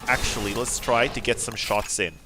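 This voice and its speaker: A man streaming a video game, commenting casually, excitable, swearing and laughing often. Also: mid-range voice, normal speed, a little hiss or hum. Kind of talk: let's play commentary.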